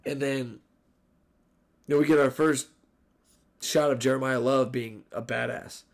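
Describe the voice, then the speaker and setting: A man hosting a solo sports podcast, recapping a college football game with animated, profane rants. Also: mid-range voice, unhurried, gravelly. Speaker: podcast host.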